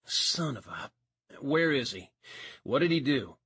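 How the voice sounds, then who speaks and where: A male narrator voicing a rugged young deputy who talks curtly and tries to stay calm. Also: medium pitch, unhurried, breathy edge, dry recording, exaggerated voice. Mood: terse. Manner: curt, trying to stay calm.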